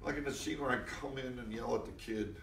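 A guest actor at a live interview event talks fast in a creaky, mid-range voice with a fairly bright tone, telling anecdotes to the audience. He speaks loosely, with lots of restarts and swearing, and mimics the people he quotes. Slight background noise accompanies an echoey room and a distant mic.

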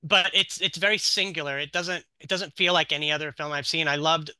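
Bright, crisp-voiced man hosting a podcast. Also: fairly high pitch, steady tone, a little fast, no room sound. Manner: enthusiastic, setting up questions at length. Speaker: podcast host. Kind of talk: interview podcast.

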